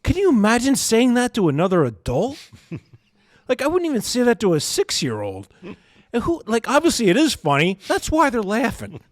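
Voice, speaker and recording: A man's voice: high-pitched, huge pitch swings, normal speed, dry recording, studio quality. A man co-hosting a podcast, telling a story in casual chat with many fillers and frequent laughs. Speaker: podcast co-host.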